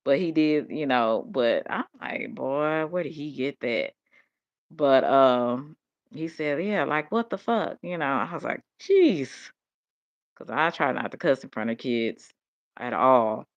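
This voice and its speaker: An older woman, talking in a rambling, animated monologue. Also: very deep voice, measured pace. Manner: rambling, animated storytelling with vernacular speech. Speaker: vlogger. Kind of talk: casual monologue. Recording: dull lo-fi audio.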